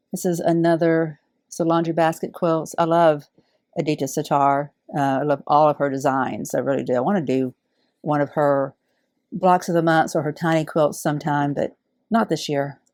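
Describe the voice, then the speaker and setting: A middle-aged woman, warmly unboxing donated fabric in heartfelt, awed casual chat. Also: low-pitched, fairly even intonation, normal speed, no echo, studio quality. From Alabama. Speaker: quilting channel host.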